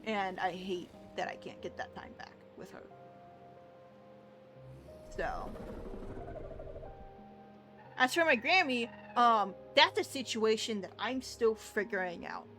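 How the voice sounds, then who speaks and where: A woman's voice: medium pitch, lively intonation, slow, pauses often, over music. A young woman livestreamer talking candidly in casual chat, rambling with frequent restarts.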